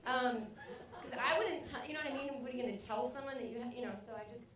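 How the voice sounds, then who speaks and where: Woman comedian, stand-up set, rambling, self-mocking, higher voice, roomy distant sound. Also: fast, a crowd in the background. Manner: rambling, self-mocking, loud acted outbursts. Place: comedy club stage. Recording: echoey club recording from afar.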